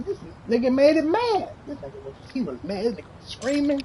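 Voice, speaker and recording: A game streamer chatting casually and telling stories in an animated, rambling way, with lots of slang and swearing. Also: medium pitch, fairly quick, few pauses, slight background noise, low-quality recording. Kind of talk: casual chat while streaming.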